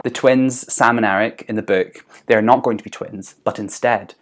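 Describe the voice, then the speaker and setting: A young man riffs through a comic monologue from his bedroom, rambling and playful with constant "like"s. His voice sits on the lower side. He talks as a vlogger to his camera. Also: fairly even intonation, a little fast, hardly any pauses. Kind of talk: comedic monologue.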